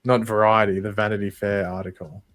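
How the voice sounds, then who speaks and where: A man co-hosting a casual livestream, teasing his partner with quick jokes. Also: fairly low pitch, level tone, a bit bright, soft background music. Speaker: co-host.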